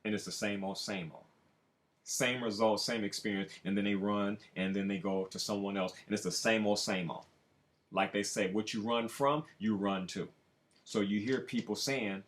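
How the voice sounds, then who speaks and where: A man giving a preachy self-help monologue, with slow drawn-out phrases that rise suddenly into loud emphasis. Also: fairly low pitch, fairly even intonation. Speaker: spiritual self-help speaker.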